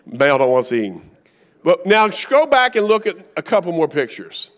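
A man's voice: fairly high pitch, sing-song, moderate pace. A middle-aged man with a Kentucky accent, preaching a sermon as a guest speaker in a folksy, joking storytelling manner.

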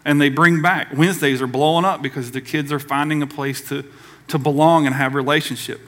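A man's voice: a little high, steady tone, a little fast, fairly bright tone. A man from the American South preaching a conversational sermon as pastor, acting out quoted voices along the way.

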